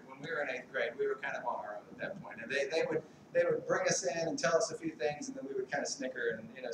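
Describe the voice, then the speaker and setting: Giving a memorial speech as a family friend, a middle-aged man with a fairly high voice rambles and hesitates, adding light humor and lots of fillers. The recording comes from a far-off mic in a big, echoey hall, with noise in the background.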